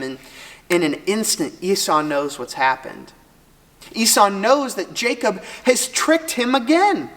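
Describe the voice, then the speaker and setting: A teacher retelling a Bible story to students in a casual, lively way with joking asides. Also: medium pitch, unhurried. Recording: long hall reverb.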